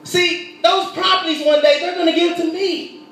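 A man preaching a sermon, animated, shouting at the peaks and acting out voices in his stories. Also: very high-pitched, moderate pace, slight background noise. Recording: echoey hall, voice from far off.

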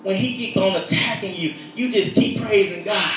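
A man preaching a sermon, animated, shouting at the peaks and acting out voices in his stories. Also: high voice, moderate pace, faint music behind. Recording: echoey hall, voice from far off.

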